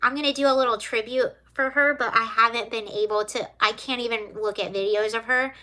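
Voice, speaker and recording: Woman, livestream host, casual chat, tearful, bright voice, slightly high. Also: steady tone, a little fast. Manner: emotional, tearful, talking to viewers.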